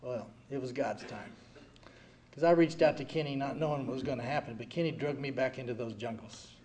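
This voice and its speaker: A man in his sixties giving an earnest personal recovery testimony, swinging from quiet heavy passages to loud wry ones. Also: medium pitch, fairly quick. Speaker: speaker sharing at a recovery meeting.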